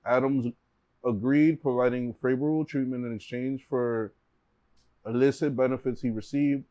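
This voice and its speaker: A man's voice: medium pitch, steady tone, normal speed, mellow, dry recording, dull audio. A man from New York hosting a podcast, reading a news story aloud in a casual way. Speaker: podcast host.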